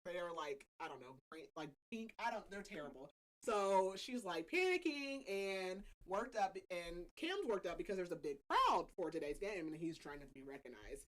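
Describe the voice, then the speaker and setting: Animated woman chatting about a book. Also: lowish voice, normal speed, low-quality recording. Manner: chatty, laughs often, heavy filler "like". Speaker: podcast host. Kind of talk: casual book-club recap chat.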